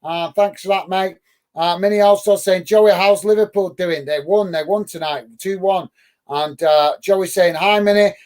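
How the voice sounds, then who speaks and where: A man with a high voice hosts a live football watch-along from the UK. He talks through the play and chats with viewers, calling them mate. His speech is full of uh and um. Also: steady tone, normal speed, a little mellow. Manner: friendly, many "uh" fillers, calls viewers "mate". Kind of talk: live match commentary and chat reading.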